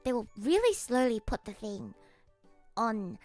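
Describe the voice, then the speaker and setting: A woman streamer telling a story to her chat in a casual, animated way, swearing often and laughing a lot. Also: on the high side, measured pace, music in the background.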